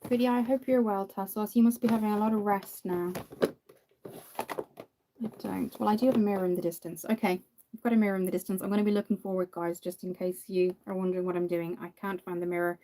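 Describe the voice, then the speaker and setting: Irish girl chatting away to viewers while doing makeup, warm mellow voice, lots of ums. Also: mid-range voice, level tone, quick pace, slight background noise. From Ireland. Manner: chatty, answers viewer comments, many fillers. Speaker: makeup livestream host. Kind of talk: casual live chat while doing makeup.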